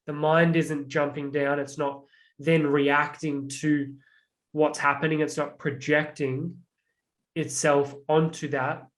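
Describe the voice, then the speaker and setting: A man's voice: fairly high pitch, little pitch movement, takes it slowly. A young man, a transformational coach, explaining with many "like" fillers and acted-out examples in an earnest, reflective way. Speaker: transformational coach, podcast guest.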